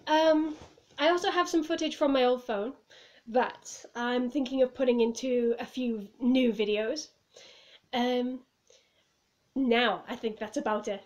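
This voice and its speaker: A woman's voice: a little high, steady tone, measured pace, a little mellow. A woman vlogging casually to camera at home, rambling and giggling as she reviews a film. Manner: rambling, giggly, lots of "like" and "I was just like". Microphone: phone or camera on a table.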